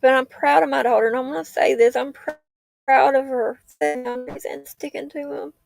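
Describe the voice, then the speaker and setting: A woman's voice: sits high, steady tone, a little fast, vocal fry, dry recording, faint music behind. A woman, rambling and heartfelt in a tearful casual livestream chat. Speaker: livestream host. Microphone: laptop or phone mic.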